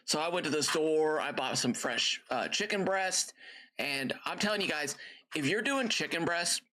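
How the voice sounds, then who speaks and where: A middle-aged man with a slightly high voice hosting a live stream in a loose, casual chat. He rambles from story to story, full of fillers. He walks viewers through things step by step in a friendly way. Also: expressive, normal speed, bright, forceful tone. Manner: gives friendly step-by-step cooking tips to viewers. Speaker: gaming livestream host.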